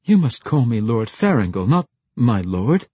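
A man's voice: medium pitch, animated, a little fast, a little mellow, slightly rough, no room sound. A man voicing a pushy, imposing young nobleman in an audiobook, speaking with insistent ardor. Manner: insistent, ardent.

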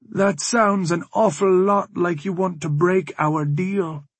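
Guy doing a teasing creepy lady in a storybook, kinda higher, dry close sound. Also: fairly even intonation, takes it slowly, husky, no echo, heavily acted. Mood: taunting. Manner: cryptic, taunting. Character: cold teasing scheming woman, otherworldly. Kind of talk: audiobook character voice.

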